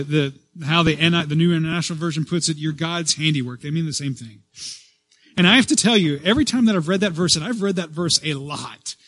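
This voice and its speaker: A man's voice: fairly high pitch, no echo. Emphatic preaching pastor, man. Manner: emphatic preaching, swelling louder on key phrases then dropping soft; repeats and restarts phrases as he speaks. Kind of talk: sermon.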